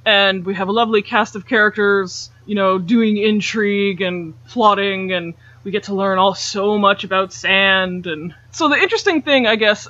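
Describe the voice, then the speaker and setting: A high-pitched man with a bright, sharp edge talks in a loose, chatty way, with plenty of "like" and laughs slipping in between points. The recording is dull and lo-fi, with a dry, close sound. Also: dry recording. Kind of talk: casual explanatory chat.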